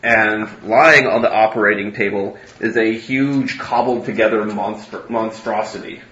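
A man narrating a tabletop game as game master, halting with many ums and restarts. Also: lowish voice, steady tone, sharp tone, reverberant, muffled recording.

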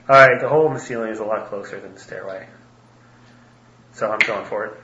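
A man playing in a casual tabletop game, quick and playful. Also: fairly low pitch, sharp tone. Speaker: player. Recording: echoey room, dull lo-fi sound, faint noise.

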